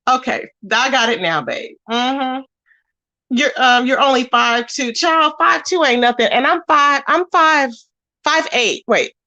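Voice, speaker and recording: A young woman hosting a casual livestream, chatting with viewers in a sassy, animated way and laughing easily. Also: high-pitched, a little slow, muffled recording. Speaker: livestream host reading chat.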